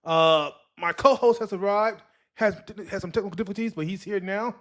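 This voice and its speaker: A man's voice: sits high, a little fast, a bit bright, slight background noise. A man hosting a podcast alone, telling a rambling story full of filler words. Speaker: podcast host. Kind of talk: solo podcast talk. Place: live streaming setup.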